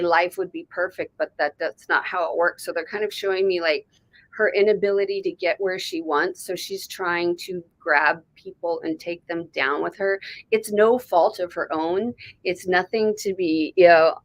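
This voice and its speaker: Woman, lower-pitched, intuitive reader on a live stream; rambling, chatty delivery aimed right at the viewer. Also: a bit bright, poor audio. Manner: rambling, conversational, addresses the viewer directly. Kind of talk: live online reading session.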